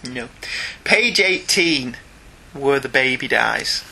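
Chatty British man with a bright edge. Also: mid-range voice, slow, vocal fry. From Britain. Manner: chatty, jokey, animated. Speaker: podcast co-host. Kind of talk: casual comics discussion.

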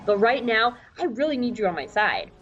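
A woman's voice: fairly high pitch, sing-song, moderate pace, fairly bright tone, husky, lo-fi sound, soft background music, heavily acted. A woman voicing a weary, dutiful male captain in a casual podcast recap. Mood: pleading.

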